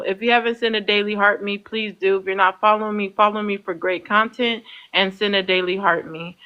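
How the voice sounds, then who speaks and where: A woman hosting a live online panel, moderating briskly and cutting in. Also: medium pitch, bright, forceful tone. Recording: dull, lo-fi sound.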